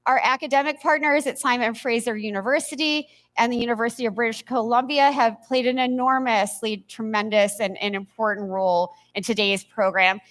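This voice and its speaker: A woman hosting a live summit on a conference stage, upbeat and quick, with small slips and asides, speaking into a stage microphone. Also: on the high side, a bit bright. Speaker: event host. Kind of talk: live event emcee address.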